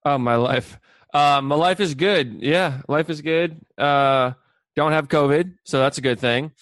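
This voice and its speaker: A man's voice: on the high side, measured pace, a bit bright, dry recording. A man co-hosting a casual sports podcast, answering with dry, teasing banter. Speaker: podcast co-host.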